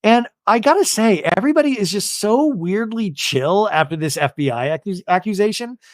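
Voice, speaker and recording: This podcast host, a young adult man with a high-pitched voice, speaks at normal speed in a clean studio recording free of room sound. His casual TV episode recap is animated and jokey, with quotes acted out.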